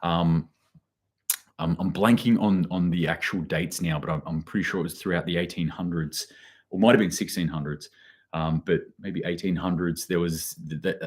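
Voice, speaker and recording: A man with a very low voice hosts a livestream commentary on the news. He talks in a loose, rambling way, full of fillers and restarts. He stops now and then to read out comments from the chat. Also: darkish tone, breathy edge. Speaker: host.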